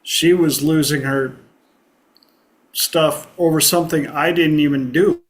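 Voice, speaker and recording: Slow-talking man hosting a discussion. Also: fairly high pitch, fairly even intonation. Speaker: host. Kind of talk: casual group discussion.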